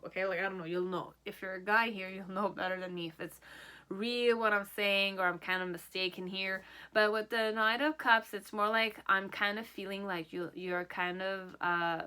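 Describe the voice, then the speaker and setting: A woman with a bright, sharp voice giving a pick-a-card tarot reading. She talks in first person as the person the cards describe. Her delivery wanders and hedges, and she keeps checking in with "okay?". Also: mid-range voice, clean tone. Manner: rambling and tentative, often checking in with "okay?". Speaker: tarot reader.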